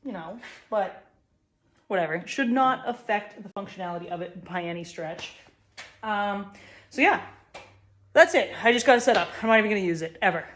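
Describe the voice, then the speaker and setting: A young woman who works with wood and runs a small business chats casually to her camera from her little shop, upbeat and often laughing at herself. Her medium-pitched voice is expressive and a bit bright, at normal speed with frequent pauses, and a little hiss or hum runs underneath.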